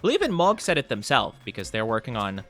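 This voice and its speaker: Giggly, lively male streamer. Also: mid-range voice, quick pace, faint music behind. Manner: giggly, chatty, reads chat aloud. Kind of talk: casual live-stream chat.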